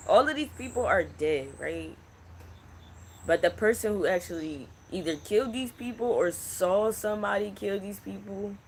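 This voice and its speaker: A man in his twenties giving an unscripted psychic reading, speaking slowly in a hushed, halting and emotional way. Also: high voice, slight background noise. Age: 20s. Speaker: psychic channel host. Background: crickets and insects.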